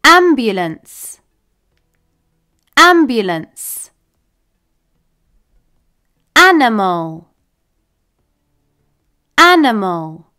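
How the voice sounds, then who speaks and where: A woman English teacher reading a word list slowly and clearly, saying each word twice with long pauses between. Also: a little high, sing-song, bright, forceful tone.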